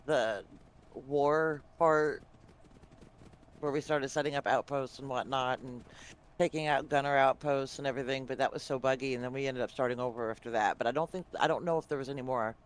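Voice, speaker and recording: A man chatting casually with friends about a game, laughing often and adding quick asides. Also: medium pitch, fairly even intonation, clean tone. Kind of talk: casual gaming chat.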